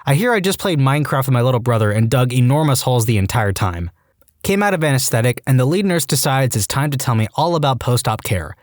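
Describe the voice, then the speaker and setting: A man's voice: medium pitch, fast, no room sound, studio quality. A man narrating online stories in a scripted way, acting out the quoted lines in different voices. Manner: lively, acts out quoted lines in shifting voices.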